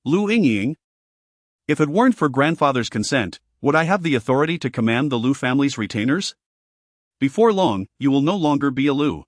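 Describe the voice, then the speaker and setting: A man's voice: medium pitch, sing-song, fairly quick, no echo, clean studio sound, close to an everyday voice. A man reading the part of a menacing young heir of a wealthy clan, with a sneering, cold delivery.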